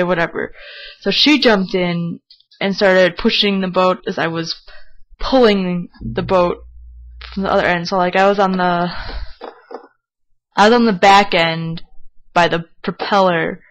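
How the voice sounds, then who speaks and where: A young woman casually telling a personal story, chatty and lively, recorded on a dull, lo-fi mic. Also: lowish voice, takes it slowly, pauses often. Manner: chatty, animated when quoting herself yelling.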